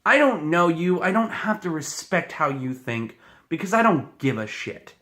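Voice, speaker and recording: A man vents straight into the camera in an angry, swearing rant, pushing hard against his critics. His voice is bright and forceful, with a tense edge that never relaxes. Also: on the high side, very animated, moderate pace. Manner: profane, heated, combative. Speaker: vlogger.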